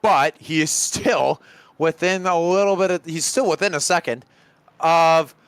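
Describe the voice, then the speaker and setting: A man giving live commentary on a sim race, chatty and getting excited in close battles. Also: on the high side, unhurried, clean tone, no room sound. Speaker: lead commentator.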